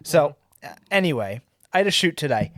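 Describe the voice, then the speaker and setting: Animated man telling a story. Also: a little high, fairly quick, no echo, clean studio sound. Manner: animated, swears, acts out quotes. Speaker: podcast co-host. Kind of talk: casual storytelling chat.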